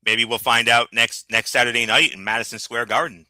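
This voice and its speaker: A man co-hosting a casual wrestling recap chat, animated and full of stammered restarts. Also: mid-range voice, a little fast, no echo. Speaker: podcast co-host.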